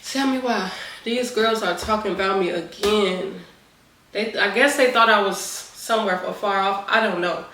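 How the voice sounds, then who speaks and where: A young adult woman vlogger telling a personal story to her viewers in animated, casual chat. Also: medium pitch, moderate pace, slight background noise. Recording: roomy echo, voice a bit far from the mic.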